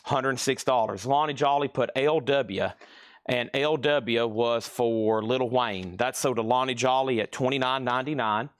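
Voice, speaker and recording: A man hosting a live-streamed record sale, chatting quickly through prices and buyer names, a bit out of breath. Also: medium pitch, clean tone, no room sound, studio quality.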